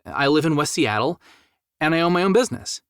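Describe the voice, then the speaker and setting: Organized young woman, a touch flustered, animated delivery, put on by a male narrator; dry booth. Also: clean tone, no echo. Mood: chatty. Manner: lightly raised pitch, quick and animated. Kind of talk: audiobook character voice. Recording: dry close studio sound.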